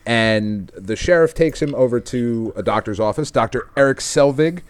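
A man's voice: medium pitch, normal speed, clear, resonant tone, no echo. Podcast host, Texas-raised man, profane rambling recap, dry close sound. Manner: loose, profane, rambling storytelling with laughs. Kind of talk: casual chat.

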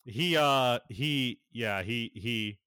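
Game master, male, slow and halting, bright dry voice. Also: mid-range voice, smooth, no room sound. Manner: halting, lots of fillers, laughs often. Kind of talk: narrating a tabletop game.

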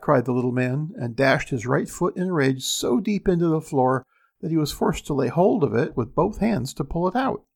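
A man reading classic fairy tales aloud in a steady, unhurried storybook narration. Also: a little high, gravelly, breathy edge.

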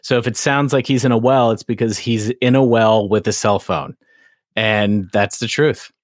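A man's voice: fairly low pitch, normal speed, no echo, clean studio sound. A man hosting a podcast in casual chat, rambling and joking, often laughing mid-sentence. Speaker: podcast host.

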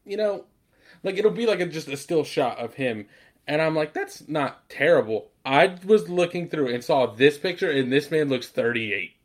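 Dude chatting casually, bit high, voice bounces around, laughs easy. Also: male voice, animated, moderate pace. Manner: laughs easily, blunt reactions. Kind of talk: casual chat.

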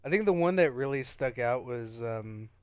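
Young male co-host, relaxed and profane, smooth voice, dry mic. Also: medium pitch, moderate pace, no room sound, dull audio. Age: 20s. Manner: laid-back, swears, hesitates with many ums. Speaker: podcast co-host. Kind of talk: casual chat.

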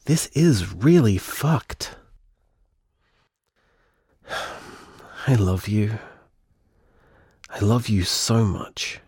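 A man acting a devoted partner. He speaks gently and reassures the person he loves. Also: on the low side, lively intonation, very slow, pauses often, slightly rough, dry recording, studio quality, full character voice. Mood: tender. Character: tender, devoted male partner. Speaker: comforting partner. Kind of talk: audio drama acting.

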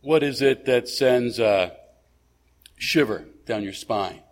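A pastor with a mid-range male voice preaches a sermon slowly and conversationally. He hesitates and restarts often and poses frequent rhetorical questions.

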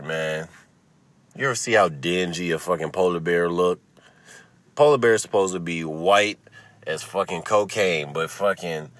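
A man's voice: deep voice, a bit bright, no room sound. A man hosting his own podcast alone in his car, delivering a profane, ranting comedic monologue into a phone. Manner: profane, ranting, swears constantly. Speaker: podcast host. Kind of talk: solo comedic podcast rant.

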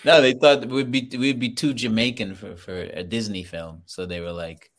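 A man's voice: on the low side, normal speed, hardly any pauses. A man from Trinidad with a Trinidadian accent, a guest telling stories with laughter in casual chat. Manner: laughing, animated storytelling. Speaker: guest actor.

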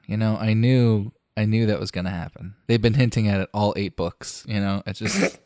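A man's voice: fairly low pitch, normal speed, darkish tone, clear, resonant tone, no room sound, clean studio sound. A tired man co-hosting a podcast in casual chat, joking and swearing freely. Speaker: podcast co-host.

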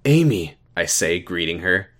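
Dry-voiced man with an animated pitch. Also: a little slow. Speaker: podcast co-host reading fanfic aloud. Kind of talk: casual comedic chat.

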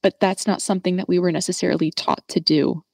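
A young woman with a low, gravelly voice chats as a podcast guest. She speaks in a slangy, animated way, with plenty of casual fillers. The sound is dry and close. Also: fast, dry recording. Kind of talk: casual conversational interview.

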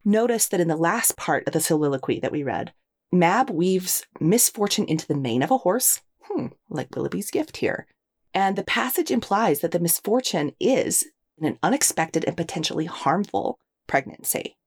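A woman's voice: on the low side, very animated, moderate pace, breathy edge. A woman co-hosting a literary podcast, chatting enthusiastically about a novel and laughing often. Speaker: podcast co-host. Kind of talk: casual literary discussion.

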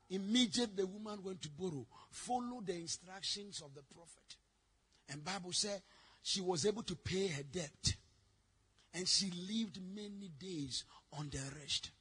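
A man preaching a sermon, telling stories with sudden shouted lines. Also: sits high, breathy edge. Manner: dramatic storytelling, bursts into shouting. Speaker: pastor.

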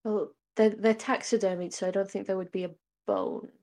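A woman running a tabletop game as game master, relaxed and thinking aloud as she makes rulings. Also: medium pitch, a little fast.

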